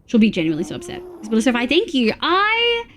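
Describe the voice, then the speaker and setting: A young woman chatting casually on a live game stream, bubbly and quick to laugh as she reads her chat aloud. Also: fairly high pitch, sing-song, darkish tone, a little hiss or hum. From Australia. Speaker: VTuber streamer.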